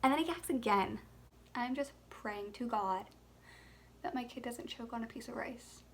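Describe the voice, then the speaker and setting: A young adult woman, a mother, telling a personal story in a chatty, expressive way, laughing often and saying "like" a lot. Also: on the high side, moderate pace, a little hiss or hum. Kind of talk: casual storytime monologue.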